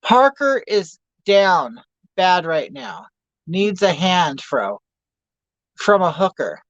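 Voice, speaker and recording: A man's voice: sits high, sing-song, slow pace, a bit bright, no echo, dull audio. A man in his fifties hosting a livestream in a campy, gossipy way, greeting viewers and telling crude jokes. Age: 50s. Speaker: livestream host. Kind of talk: casual livestream chat reading viewer comments.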